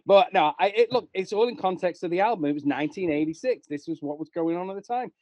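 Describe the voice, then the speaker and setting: A man's voice: high-pitched, expressive, quick pace, a little mellow, low-quality recording. A man from England co-hosting a music podcast, defending his opinions with laughs and restarts. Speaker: podcast co-host. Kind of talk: casual chat.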